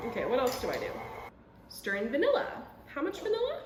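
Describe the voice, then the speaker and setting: A young woman chatting excitedly and making fun of herself while baking in her home kitchen for a vlog. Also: high-pitched, quick pace, roomy sound, over music. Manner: chatty, excitable, self-mocking. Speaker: vlogger. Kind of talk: casual cooking vlog.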